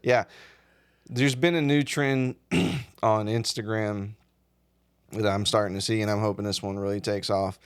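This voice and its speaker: A man's voice: on the low side, fairly even intonation, unhurried, clear, resonant tone. A man co-hosting a comedy podcast, telling rambling stories in casual chat and swearing freely. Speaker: podcast co-host.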